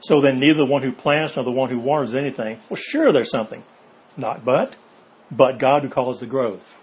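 A man leading an informal Bible study, reading verses aloud and explaining them in plain words. He keeps checking in with his listeners through quick rhetorical questions. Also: mid-range voice, lively intonation, muffled recording. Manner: asks rhetorical questions, checks in with "okay?" and "see?". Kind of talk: informal Bible class teaching.

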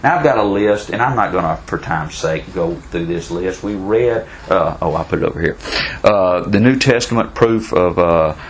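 Man, very low voice, folksy Bible class teacher, repeats himself, faint room noise. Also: lively intonation, moderate pace, few pauses, rough recording. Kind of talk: Bible study lesson.

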